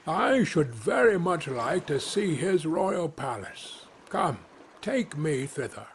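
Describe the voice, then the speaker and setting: A man's voice: on the high side, very animated, slow, slight background noise, full character voice. A man voicing a blunt, impatient male bear in a storybook fable. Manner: blunt and insulting.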